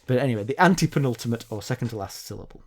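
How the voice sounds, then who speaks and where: With a creaky, mid-range voice moving at a racing pace, the podcast co-host keeps things casual. He explains unusual words with playful, professorial energy, telling it all like an animated storyteller, then recaps a chapter.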